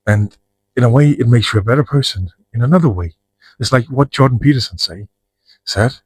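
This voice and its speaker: Poor audio with no echo captures a vlogger whose mid-range voice is expressive, darkish and husky, his delivery brisk. He talks to camera openly about his own life, rambling, cursing and restarting often.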